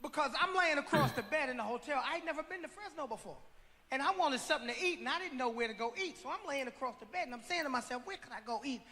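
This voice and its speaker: A man's voice: extremely high pitch, expressive, fast talker, pushed and bright, in a large hall. A man telling a stand-up story in an easygoing, laughing way. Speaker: comedian guest.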